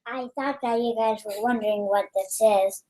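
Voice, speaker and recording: A woman's voice: a little high, steady tone, moderate pace, warm tone. A chatty, playful woman joining a live stream, speaking from off to the side of the mic.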